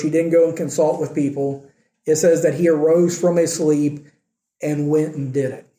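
A man preaching a sermon, speaking earnestly and putting questions to the congregation, slowing down to stress his points. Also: a little high, warm tone, roomy sound.

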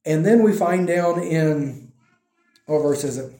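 Guy preaching, casual storytelling sermon, mellow voice, roomy echo. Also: fairly high pitch, slow pace. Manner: animated storytelling, acting out the quotes. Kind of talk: conversational sermon.

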